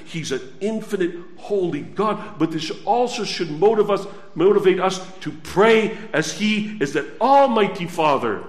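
A man preaching a sermon, slow and emphatic, swelling loud on key words and dropping to a hush. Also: high-pitched, expressive. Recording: echoey room.

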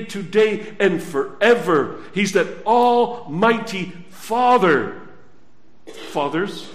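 A man preaching a sermon, slow and emphatic, swelling loud on key words and dropping to a hush. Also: sits high. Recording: echoey room.

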